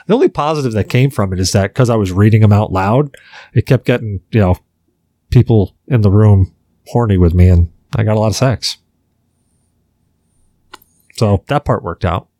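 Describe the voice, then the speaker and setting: A man's voice: lowish voice, brisk, dark tone, no echo, studio quality. A man hosting a podcast, chatting casually and telling jokey stories. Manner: loose, joking, storytelling. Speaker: podcast host.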